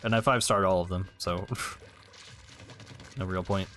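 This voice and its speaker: A man's voice: sits low, fairly even intonation, measured pace, a bit bright, faint music behind. A young man streaming a game, chatting casually and hesitantly, answering chat between plays.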